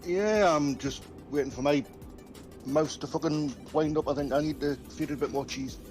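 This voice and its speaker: A man's voice: on the high side, moderate pace. Geordie man guest player, jokey, over voice chat with music behind. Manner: jokey, relaxed, swears casually. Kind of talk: casual gaming chat.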